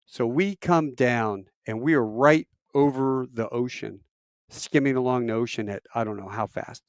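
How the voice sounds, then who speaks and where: Middle-aged man, veteran spinning a tall tale: lively, rambling, self-mocking, dry close sound, mid-range voice. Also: normal speed, clean tone, no room sound. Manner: animated, acts out quoted voices with big pitch jumps; self-deprecating, rambling with fillers. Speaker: military veteran storyteller. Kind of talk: casual storytelling.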